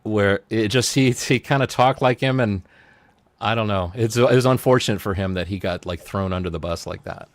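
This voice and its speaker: A man's voice: fairly low pitch, normal speed, dry recording. A man on a casual online panel, walking through details step by step as he makes his case.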